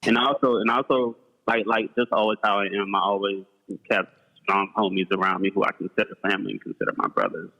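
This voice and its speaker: Gravelly low-voiced man calling in. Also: dull audio. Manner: halting, many fillers and restarts, shout-outs. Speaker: guest calling in. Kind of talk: casual chat. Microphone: remote call.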